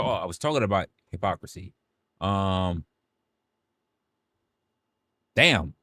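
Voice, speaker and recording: A man's voice: low voice, dry recording, clean studio sound. A young man from New City, ranting animatedly and jokingly on a livestream. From New York City. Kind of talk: casual livestream rant.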